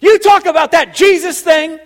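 A man preaching a sermon voices a blunt, excitable Italian Catholic woman in a loud, emphatic way. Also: extremely high pitch, normal speed, pitched above the performer's own voice. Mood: enthusiastic. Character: brassy middle-aged Italian Catholic woman, blunt and eager.

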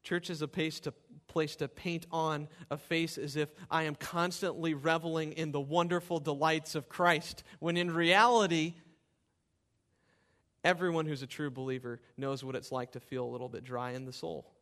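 This pastor's voice is a bit bright, moving at a normal speed with fairly even intonation. In his sermon he reads scripture fervently, growing higher and louder, and then unpacks it for the church.

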